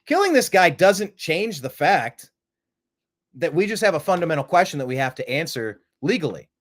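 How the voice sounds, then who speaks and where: A man's voice: on the high side, very animated, normal speed. Opinionated man hosting a live stream. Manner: rambling, rhetorical questions, emphatic. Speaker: host.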